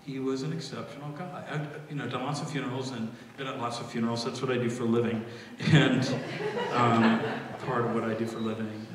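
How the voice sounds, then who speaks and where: A man's voice: mid-range voice, steady tone, brisk, distant mic, over a noisy crowd. Man giving a eulogy in an echoey hall. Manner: emotional, holding back tears, with warm laughs. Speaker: eulogist son. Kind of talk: memorial eulogy.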